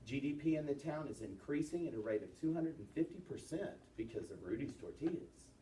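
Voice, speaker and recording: Male teacher, animated classroom lecture, distant mic, roomy. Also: a little high, slight background noise. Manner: lively, quizzing students with quick questions. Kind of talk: classroom lesson on presentation gestures.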